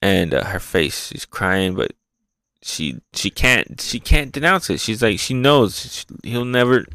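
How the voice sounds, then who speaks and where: A man hosting a casual, excitable, rambling review show, often repeating words as he talks. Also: on the low side, a little slow, no room sound. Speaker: podcast host reviewing manga. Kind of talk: casual chat.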